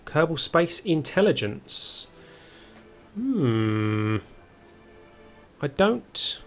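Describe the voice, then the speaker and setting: A man's voice: a little high, big pitch swings, extremely slow, faint music behind. Hesitant man streaming a space game. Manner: hesitant, full of ums, chats with viewers. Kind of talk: live gameplay commentary.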